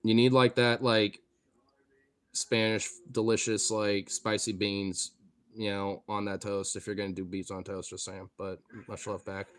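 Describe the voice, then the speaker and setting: A man with a Pacific Northwest accent, a streamer chatting casually with viewers, excitable, swearing freely and laughing often. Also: lowish voice, unhurried. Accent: Pacific Northwest American. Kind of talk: casual chat answering viewer comments.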